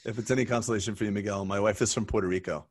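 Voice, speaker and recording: A man's voice: on the low side, fairly even intonation, rapid-fire, a crowd in the background. A man hosting a dental podcast, upbeat and teasing, often laughing. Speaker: podcast host, dentist. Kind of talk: casual podcast chat.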